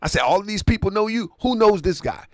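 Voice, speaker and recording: A man's voice: sits high, lively intonation, quick pace, no room sound. A man hosting an online talk show, casually retelling a conversation and often checking that the listener follows. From Baltimore area. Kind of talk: casual storytelling commentary.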